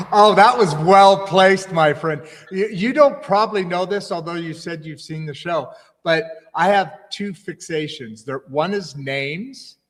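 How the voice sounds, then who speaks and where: A man's voice: fairly high pitch, unhurried, big-room sound. A man hosting a livestream interview, chatty and rambling, often restarting his sentences. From United States. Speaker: host.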